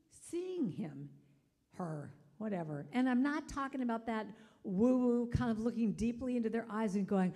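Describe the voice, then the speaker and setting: A middle-aged guest speaker gives a chatty sermon in a church sanctuary, her voice on the high side at normal speed. She tells stories with animation and acts out the quotes.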